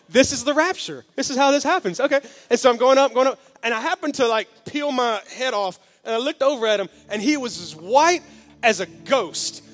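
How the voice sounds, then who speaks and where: A pastor preaching a sermon, telling a story that builds from slow and quiet to loud and excited. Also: male voice, high-pitched, big-room sound. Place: church hall.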